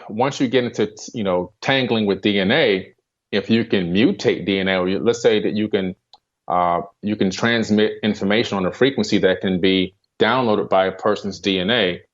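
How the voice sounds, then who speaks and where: A man, a guest author, giving earnest, explanatory answers in a radio interview, with frequent fillers. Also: lowish voice. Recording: muffled lo-fi radio audio.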